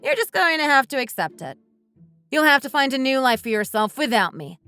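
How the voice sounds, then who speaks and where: A woman's voice: high voice, sing-song, a little fast, bright, forceful tone, no room sound, heavily acted. Brief: woman as fed-up wife, accusing tone, light music behind, dry close sound. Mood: cold. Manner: bitter, accusing, blunt. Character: resentful wife fed up with her husband. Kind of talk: scripted dialogue drama.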